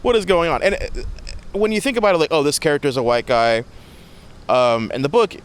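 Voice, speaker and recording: A man guesting on a podcast, reviewing a film in lively, expressive casual chat with frequent laughs. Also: on the high side, a little fast, clear, resonant tone.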